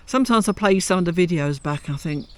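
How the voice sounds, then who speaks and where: A man's voice: sits high, lively intonation, fast, darkish tone, clear, resonant tone. A man from England with a South London accent, co-hosting a casual home podcast in a chatty, self-deprecating way. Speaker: podcast co-host. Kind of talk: casual chat. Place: home in France.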